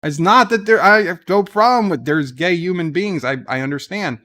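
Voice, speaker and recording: A man with a somewhat high voice hosts a casual livestream and answers his chat. He rants bluntly and swears freely. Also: normal speed, pushed and bright. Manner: ranting, profane, blunt. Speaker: livestream host reading chat.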